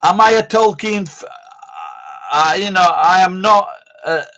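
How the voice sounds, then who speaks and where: High-voiced, foul-mouthed man. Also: a little slow, pushed and bright, muffled recording. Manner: rambling, blunt and heavily profane. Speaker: live-stream host answering chat. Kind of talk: casual live-stream chat.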